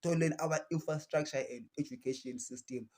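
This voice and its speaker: A Zimbabwean-accented man speaks in a somewhat high voice. He gives a fiery political address straight to camera, preaching and defiant. He hammers his points home by repeating phrases. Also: fairly quick, a little mellow. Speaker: political commentator.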